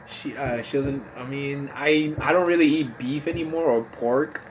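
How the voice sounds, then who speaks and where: A man's voice: mid-range voice, normal speed. A man who is tipsy, a comedian and podcast host chatting loosely on a phone livestream, rambling and swearing. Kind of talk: casual chat on a drunk livestream. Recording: phone livestream audio, faint background noise.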